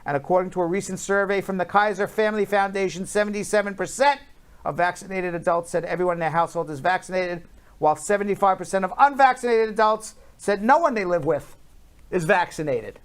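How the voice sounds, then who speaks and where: A man's voice: high voice, fast. Male host, casual headline chat, playful delivery, leans on figures. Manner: chatty, jokey, drawls out numbers.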